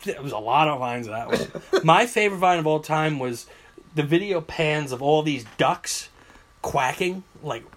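On a casual podcast recorded by phone, the host, a man with a voice on the high side and a moderate pace, tells stories with lots of energy. He acts out people's reactions animatedly, sometimes screaming.

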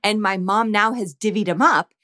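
A woman's voice: mid-range voice, moderate pace, bright, forceful tone. Chatty joking woman co-host. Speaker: podcast co-host. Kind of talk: casual movie recap chat.

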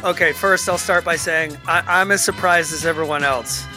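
A man with a slightly high voice co-hosts a casual sports podcast, speaking at normal speed over background music. He's animated, ranting with frequent restarts and stammers.

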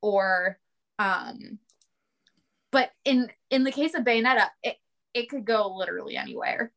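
A woman's voice: on the high side, measured pace, a bit bright. A woman guesting on a podcast in casual chat, talkative, with lots of "like" and frequent laughs. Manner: chatty, lots of "like", laughs often.

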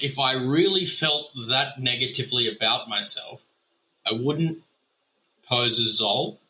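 Profane Australian man, bright voice. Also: mid-range voice. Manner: profane, blustering, mock-angry. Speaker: voicemail caller. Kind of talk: casual voicemail rant.

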